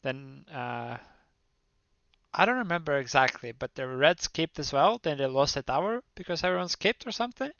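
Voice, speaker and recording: A man's voice: a little high, expressive, moderate pace, a bit bright. A man co-casting a game tournament in a laid-back way, walking through past matches in detail. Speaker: co-caster. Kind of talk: casual game commentary. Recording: dull, dry lo-fi mic.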